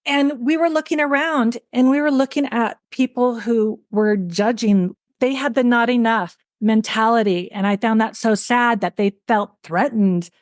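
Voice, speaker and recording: A woman hosting a podcast interview, telling stories in quick run-on bursts and acting out what others said. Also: on the high side, no echo, clean studio sound. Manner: animated storyteller who acts out quotes; fast, run-on talk with restarts. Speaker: podcast host. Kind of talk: casual interview chat.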